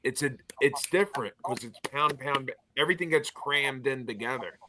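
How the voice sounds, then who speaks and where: A man's voice: mid-range voice, moderate pace, background noise. A man co-hosting a comedy podcast, offering a thoughtful observation in casual chat. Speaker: podcast co-host.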